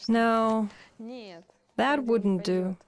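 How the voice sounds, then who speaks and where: A woman's voice: on the high side, very slow, crowd noise. A young woman cadet at a paratrooper school, telling her story in an earnest, reflective dubbed voice-over.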